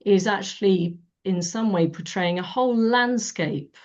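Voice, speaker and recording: A woman's voice: mid-range voice, measured pace, muffled recording. A woman hosting an online conversation, summing up her guest's points as she searches for words. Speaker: interviewer.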